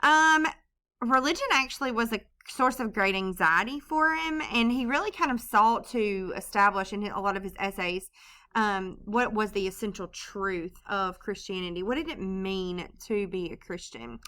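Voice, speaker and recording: A woman gives a recorded literature lecture in a loose, conversational way, stopping often for ums and restarts. Her voice is bright and forward, with a clean, clear tone. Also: medium pitch, normal speed. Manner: casual, loose delivery with many ums and restarts. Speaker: literature teacher.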